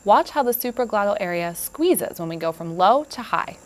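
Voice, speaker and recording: A woman narrating a demonstration of a throat examination in a clear, measured, instructional way. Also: medium pitch, animated, slight background noise. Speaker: speech scientist demonstrating endoscopy. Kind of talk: explanatory narration.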